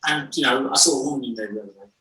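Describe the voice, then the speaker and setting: Fast-talking wry man in a roomy space. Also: mid-range voice, recorded from a distance, very noisy. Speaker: comedian. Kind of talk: comic double act on stage. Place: live event before a laughing audience.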